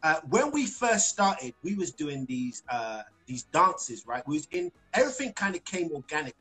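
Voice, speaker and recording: A man's voice: on the high side, big pitch swings, moderate pace, pushed and bright, faint music behind, rough recording. A man, a singer, chatting as a guest in a live-streamed interview, telling stories with laughter and repeated phrases. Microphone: video call.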